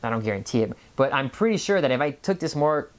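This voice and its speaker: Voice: medium pitch, lively intonation, quick pace. A vlogger of Mexican background talking in a casual monologue, rambling, stopping and restarting, and repeating words. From Mexican family background. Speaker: health vlogger.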